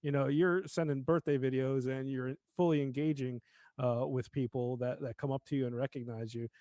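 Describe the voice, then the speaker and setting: A man's voice: mid-range voice, steady tone, moderate pace, warm tone, no room sound. A man co-hosting a casual internet radio show, laid-back and heavy on fillers. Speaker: co-host.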